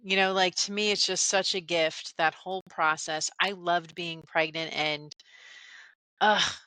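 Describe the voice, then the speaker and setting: A woman's voice: on the low side, fairly even intonation, unhurried, sharp tone, no echo. A middle-aged woman co-hosting a podcast, talking candidly in casual chat with stammering restarts. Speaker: podcast co-host.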